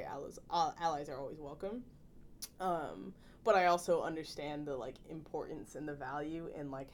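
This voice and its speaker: A young woman chatting casually, animated and full of laughs, with filler-heavy speech. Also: low-pitched, slight background noise. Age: young adult. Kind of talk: casual podcast chat.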